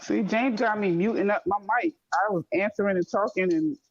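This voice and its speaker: A woman's voice: medium pitch, fairly quick, dull audio, background noise. A woman in her twenties joking around in a casual group voice chat. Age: 20s.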